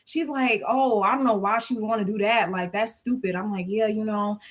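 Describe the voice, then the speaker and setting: A woman's voice: medium pitch, brisk. A young woman telling her viewers a workplace story in a casual, gossipy way, acting out what everyone said. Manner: gossipy, animated retelling with quoted dialogue and bursts of laughter.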